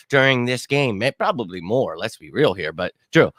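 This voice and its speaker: A man hosting a sports fan show, ranting bluntly and swearing after a loss, his throat hoarse from screaming. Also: mid-range voice, sing-song, normal speed, few pauses, a bit bright, no echo, clean studio sound. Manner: fired-up, blunt, swears, repeats himself. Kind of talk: casual postgame fan rant.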